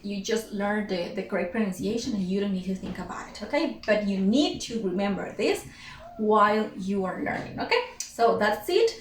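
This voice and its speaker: A woman's voice: mid-range voice, brisk, slight background noise. A young woman teaching English pronunciation. She drills each word several times over. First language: Spanish. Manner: drills words by repeating them several times. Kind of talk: slow, repetitive pronunciation lesson. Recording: echoey room, mic at a distance.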